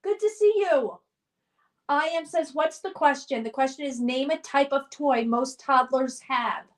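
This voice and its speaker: Woman streamer with a high voice, upbeat and chatty, reads chat comments aloud and laughs often. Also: measured pace. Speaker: live stream host. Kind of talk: casual live stream chat, reading viewer comments aloud.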